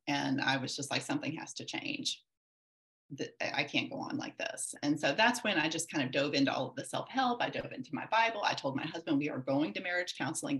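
A woman's voice: low voice, fairly bright tone. A woman in her forties, a podcast guest, telling a personal story candidly and reflectively, with many restarts.

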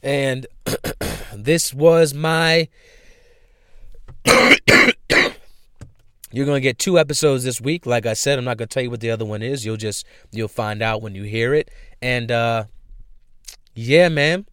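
A young man from New hosts a solo podcast from a home room, his medium-pitched voice smooth and unhurried with long pauses. The studio sound is clean with no room tone, and he rants bluntly and profanely in a casual way, moving from heated outbursts to a relaxed sign-off.

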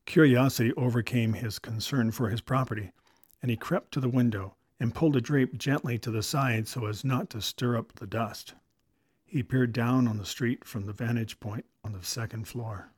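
Casting: male audiobook narrator, mid pitch, measured delivery, close dry recording. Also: darkish tone, slightly rough, no echo.

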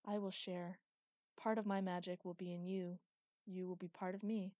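A woman voicing a gentle, grieving male god who talks softly and sadly. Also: fairly low pitch, little pitch movement, normal speed, dry recording, close to an everyday voice. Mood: sad, tender. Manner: soft, sad and tender.

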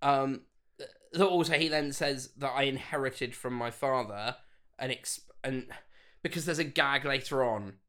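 A man co-hosting a podcast, chatting casually about a TV episode, excitable and incredulous, laughing often. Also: medium pitch, unhurried, smooth. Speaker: podcast co-host. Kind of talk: casual chat reviewing a TV episode.

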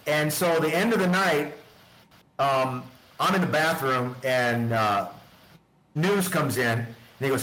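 A man's voice: medium pitch, slow pace, fairly bright tone. A man telling rambling stories in casual chat, often laughing and acting out the dialogue. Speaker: podcast guest, storyteller. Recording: echoey room.

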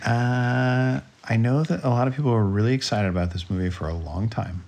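A man's voice: mid-range voice, steady tone, brisk, background noise. A man co-hosting a podcast, chatting casually about a movie and joking around with mock accents. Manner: chatty, jokey, slips into silly mock accents. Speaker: podcast co-host. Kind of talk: casual chat reviewing a movie.

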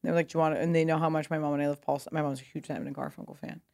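Speaking rapid-fire in a low, darkish voice with vocal fry and flat delivery, this woman in her thirties is a clothing brand founder from Pasadena, California. She's a guest in a casual interview, rambling through stories with constant "like" and casual cursing.

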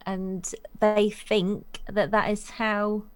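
A woman's voice: medium pitch, flat delivery, extremely slow. A middle-aged woman co-hosting a casual chat, plain-spoken and agreeable.

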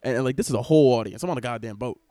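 A young man talks fast and loose in a rambling, excitable podcast rant, cursing freely. His voice sits at an ordinary pitch and comes through close and dry, with no room sound around it. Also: no echo. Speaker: podcast host. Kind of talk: casual podcast chat. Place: in public on a cruise ship. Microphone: wearing headphones, laptop recording.

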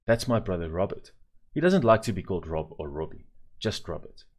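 A man voicing an eager, excitable young girl in a storybook reading. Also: sits low, a little fast. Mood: chatty.

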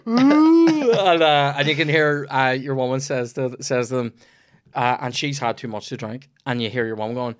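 A man's voice: medium pitch, moderate pace, clear, resonant tone, dry recording, studio quality. A young man with a Northern Irish accent, a comedian hosting a podcast, telling stories in casual chat and swearing freely. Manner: rambling storyteller, swears freely.

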